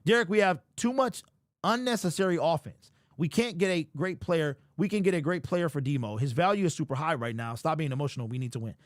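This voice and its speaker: With a slightly high voice and lively intonation, a young sports show host talks briskly on his livestream, reading super chats and ranting in incredulous exasperation. He keeps repeating himself. Studio-quality audio, no room sound.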